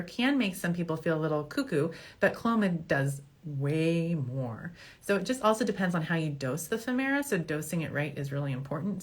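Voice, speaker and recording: Lively, joking woman fertility doctor. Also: fairly low pitch. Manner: animated, jokey, laughs at her own slips. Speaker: fertility doctor answering viewer questions. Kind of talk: casual Q&A show.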